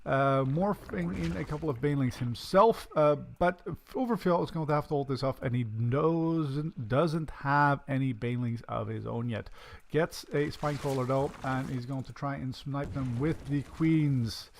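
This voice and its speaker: A man casting a strategy game solo from his home setup, chatty and rambling, with self-deprecating asides and excited bursts when the action picks up. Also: mid-range voice, moderate pace, gravelly, slight background noise. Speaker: game caster. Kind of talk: casual solo game commentary.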